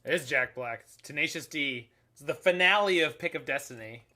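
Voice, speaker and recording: Chatty game streamer, male, slightly high and bright voice, rambling jokey banter. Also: brisk. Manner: chatty, rambling, lots of filler likes; jokey asides, laughs at his own remarks. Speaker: streamer playing an online card game. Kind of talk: casual live-stream commentary.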